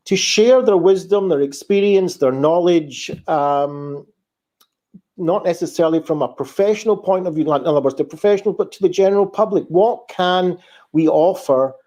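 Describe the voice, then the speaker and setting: Mellow-voiced earnest male host. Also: high voice, moderate pace. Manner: rambling, restarting phrases, earnest. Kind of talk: live online interview. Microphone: video call.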